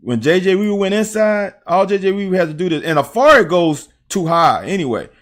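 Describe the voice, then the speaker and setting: An ex-player in middle age hosts a laid-back, foul-mouthed live stream analyzing game film, his Southern American accent clear. He talks bluntly and directly to chat in a high, expressive, fairly bright voice, slightly fast.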